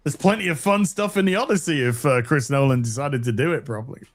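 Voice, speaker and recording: A man's voice: fairly high pitch, quick pace. A man hosting a casual livestream podcast, reading out donations, swearing freely and laughing often.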